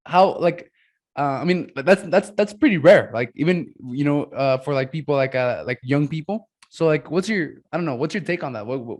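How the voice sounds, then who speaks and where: A man hosting a podcast, talking enthusiastically and tagging his points with "man" and "right?". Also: a little high. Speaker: podcast host. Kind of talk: casual interview talk.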